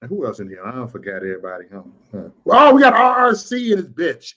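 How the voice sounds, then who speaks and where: A man's voice: fairly high pitch, huge pitch swings, quick pace, pushed and bright. A man hosting a casual livestream, talking in loose street slang and greeting viewers in the chat by name. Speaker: livestream host.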